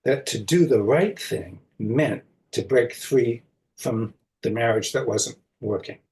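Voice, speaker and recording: Slow-talking older man telling a story. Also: mid-range voice, a little mellow, slight background noise, rough recording. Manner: unhurried storytelling, acts out quoted speech. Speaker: interview guest, psychotherapist. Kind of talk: recounting a personal story in conversation.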